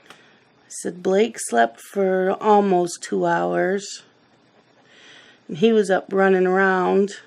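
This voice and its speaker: A woman's voice: mid-range voice, steady tone, slow pace, creaky, long pauses, darkish tone. A middle-aged woman hosting a coloring video, chatting casually and telling rambling family stories while she works. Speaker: coloring channel host.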